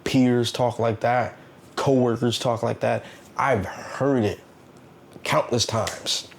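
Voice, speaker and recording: A male self-help vlogger speaks directly to the listener in a casual yet earnest motivational monologue, sounding preachy, circling back to his points and posing rhetorical questions again and again. His creaky voice sits at an ordinary middle pitch, with a steady tone and a slow pace.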